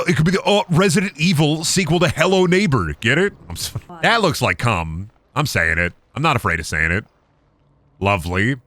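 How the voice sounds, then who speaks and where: A man's voice: mid-range voice, pushed and bright, no room sound. A young man streaming a game, riffing in crude, rambling jokes as he plays. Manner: joking, crude, rambling riffs. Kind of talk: let's play commentary.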